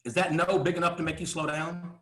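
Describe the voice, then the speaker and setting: A man delivering a motivational coaching talk in a high, bright voice that swings widely in pitch. He drives his points home with rhetorical questions and stops now and then to clear his throat. The room around him rings with echo. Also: level tone, quick pace. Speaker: business coach.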